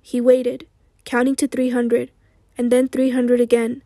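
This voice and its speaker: A woman with a hoarse voice reading an audiobook in a slow, steady, sombre way. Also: fairly high pitch, dry recording, clean studio sound. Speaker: audiobook narrator. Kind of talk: audiobook narration.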